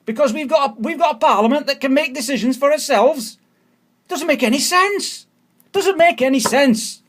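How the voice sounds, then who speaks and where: A Scottish man with a high voice rants furiously, dropping swear words and repeating his points over and over. He sounds fed up and indignant throughout. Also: moderate pace. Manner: ranting, swearing, repeating phrases. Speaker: vlogger. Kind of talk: angry political rant.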